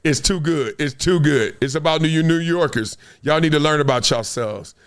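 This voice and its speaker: A man's voice: a little high, normal speed, a bit bright, clean tone. A fifty-year-old man hosting a podcast, telling slangy stories, acting out the voices in them and laughing often. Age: 50s. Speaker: podcast host. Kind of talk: animated storytelling.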